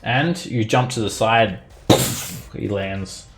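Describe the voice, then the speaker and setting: A man narrating as game master of a tabletop game, laughing often and filling pauses with "uh" and "like". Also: fairly low pitch, loud music behind the voice. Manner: laughs often while narrating, many fillers.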